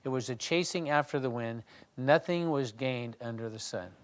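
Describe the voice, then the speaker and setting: A man leading a Bible study, reading scripture aloud and then talking it through in a conversational way, often restarting and clearing his throat. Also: mid-range voice, moderate pace. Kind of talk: reading scripture and discussing it in a small group.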